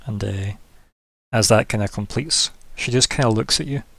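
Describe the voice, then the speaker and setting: A man narrating as game master of a tabletop game, talking in an animated way with many fillers. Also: fairly low pitch, normal speed, creaky, no room sound.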